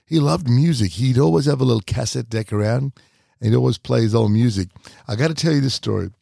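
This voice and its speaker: A middle-aged Australian man hosting a podcast and telling a personal story, pausing and repeating words as he recalls. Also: medium pitch, gravelly, warm tone, no echo, clean studio sound. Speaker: podcast host.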